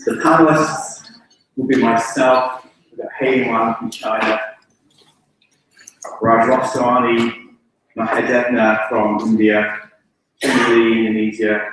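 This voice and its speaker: A man's voice: mid-range voice, a bit bright, a little hiss or hum. A man chairing a conference panel, introducing speakers in an informal, joking way with some restarts. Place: large lecture hall. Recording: echoey hall from far off.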